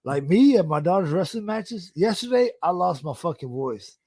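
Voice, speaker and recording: Middle-aged podcast co-host, high-set voice, dry close mic, loose and profane. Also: male voice, lively intonation, darkish tone, no echo. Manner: laughs often, swears, drawn-out. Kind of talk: casual chat.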